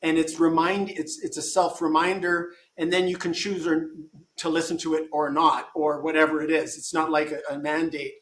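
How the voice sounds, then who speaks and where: A man's voice: fairly high pitch, flat delivery, moderate pace, a bit bright, roomy sound, slight background noise. A man talking as a guest in a casual conversation. He thinks aloud and often restarts his sentences.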